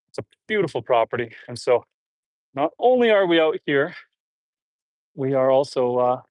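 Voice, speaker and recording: This Canadian homestead livestreamer speaks casually to his viewers over a phone, reading comments while he works outdoors on his farm. His voice is a little high for a man, and the recording is dry and close. Between loads he grunts and sighs, running a bit out of breath.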